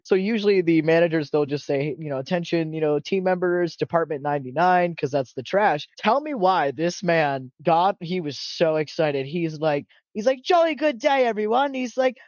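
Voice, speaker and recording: A man co-hosting a podcast, telling an animated story and laughing often in casual chat. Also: fairly high pitch, no echo. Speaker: podcast co-host. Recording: slightly dull, muffled audio.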